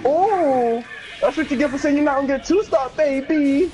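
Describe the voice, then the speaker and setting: A gamer narrates an online fighting match as it happens, mocking opponents again and again in a playful, sing-song voice. The voice sits high, with a dark tone and a moderate pace, and there's slight background noise. It's trash-talking gameplay commentary.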